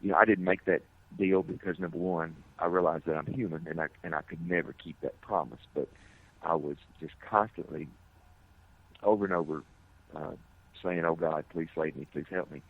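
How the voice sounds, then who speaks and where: A middle-aged man, a firefighter, giving an earnest, halting personal account in an interview, with many restarts. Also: sits low, fairly even intonation, gravelly, breathy edge. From United States. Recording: tinny phone-like audio.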